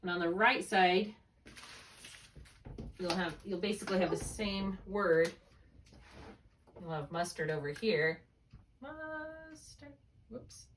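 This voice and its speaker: A woman's voice: on the low side, expressive, takes it slowly, pauses often, recorded from a distance, slight background noise. A woman tutoring a student one on one, explaining spelling rules patiently step by step and checking often that it makes sense. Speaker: reading tutor.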